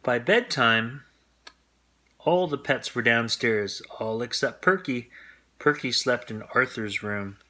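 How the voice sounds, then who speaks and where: A man reading a children's picture book aloud as a bedtime story in a gentle, friendly way. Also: medium pitch, slow.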